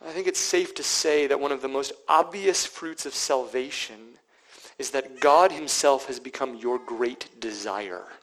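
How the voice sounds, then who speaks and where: A male pastor preaching a sermon, dropping to hushed whispers and then building to loud, emphatic passages. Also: mid-range voice, measured pace, poor audio.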